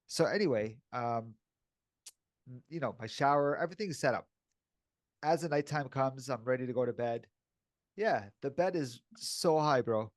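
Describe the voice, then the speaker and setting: This is a man co-hosting a podcast in a loose, candid way. His voice sits at a middle pitch. The mic picks him up close, and the sound is dry with no room to it. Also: normal speed, pauses often, dry recording. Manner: casual and candid, says "bro" and "dude" often. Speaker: podcast co-host. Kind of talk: casual podcast chat.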